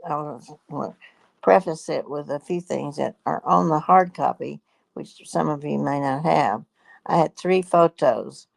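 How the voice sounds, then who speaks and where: A woman in her nineties with a gravelly voice, a guest talking in a halting, rambling way in a casual chat. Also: low voice, darkish tone, no echo, poor audio. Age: 90s.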